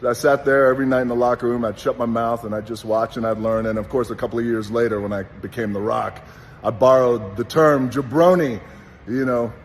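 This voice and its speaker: A middle-aged man, a former pro wrestler, giving a heartfelt personal tribute in an earnest, slow and deliberate way. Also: mid-range voice, fairly even intonation. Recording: long reverb with faint background noise.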